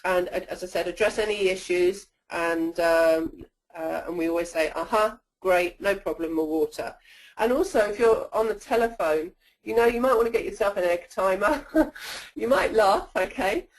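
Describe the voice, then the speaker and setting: A woman's voice: mid-range voice, normal speed, rough recording. Woman trainer leading a webinar, chatty coaching delivery, keeps checking in with listeners. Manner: coaching, checks in with "okay?" often. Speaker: sales trainer presenting a webinar.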